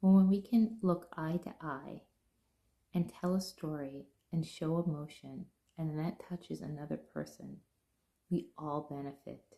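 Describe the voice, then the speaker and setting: A middle-aged woman speaks in a low, warm register with a gravelly texture at the ends of her phrases. She tells personal stories earnestly and gently, leaving soft pauses between her thoughts. She sounds like a spiritual teacher giving a heartfelt talk. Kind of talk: heartfelt spoken reflection.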